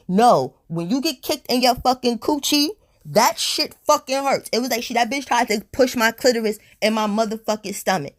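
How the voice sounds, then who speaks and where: A woman telling a storytime on her vlog in a blunt, profane, animated way, a little high and tipsy. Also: normal speed. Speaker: storytime vlogger. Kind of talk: casual storytime monologue.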